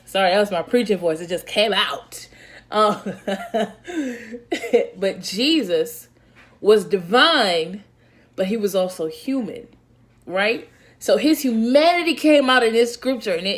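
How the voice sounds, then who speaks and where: Lively slangy woman giving a devotional talk. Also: medium pitch. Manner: lively and conversational, slangy, asks "right?". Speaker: Christian speaker.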